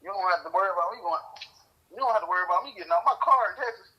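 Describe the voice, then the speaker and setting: A man's voice: high-pitched, animated, rapid-fire, pushed and bright, husky, low-quality recording. A man from Louisiana co-hosting a podcast, chatting casually and telling stories with lots of laughs and cursing. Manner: storytelling with frequent laughs and cursing. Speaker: podcast co-host. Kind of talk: casual chat.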